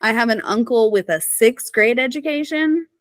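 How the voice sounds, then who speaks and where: A woman from Missouri, a guest on a podcast, chatting casually with plenty of "like" and "you know" fillers. Her voice sits a touch high for a woman. The recording is dry and close, with no room sound. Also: normal speed, a bit bright, no room sound. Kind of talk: casual conversational interview.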